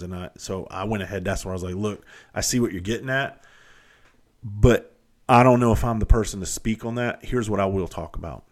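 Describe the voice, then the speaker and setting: A man's voice: lowish voice, fairly quick. A middle-aged man hosting a podcast, telling blunt, profane stories from his own past in a casual, self-deprecating way. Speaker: podcast host. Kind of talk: casual storytelling monologue.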